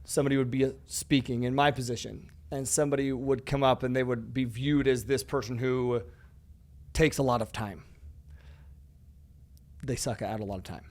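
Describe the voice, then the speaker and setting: Gravelly-voiced man telling animated stories. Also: medium pitch, moderate pace, pauses often. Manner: animated storyteller, says "dude" often, acts out dialogue; swears freely. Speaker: podcast guest, real estate educator. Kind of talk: casual podcast conversation.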